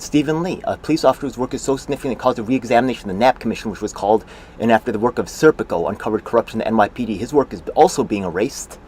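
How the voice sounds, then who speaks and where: A man's voice: fairly low pitch, darkish tone, slight background noise. A man giving profane, sarcastic running commentary on a livestream, scoffing at what he watches. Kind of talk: profane running commentary over a video call.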